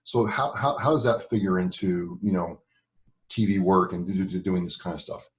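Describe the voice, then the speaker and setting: A man's voice: low-pitched, normal speed. A man hosting an interview show, asking long questions and reacting with short exclamations. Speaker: podcast host. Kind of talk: casual interview.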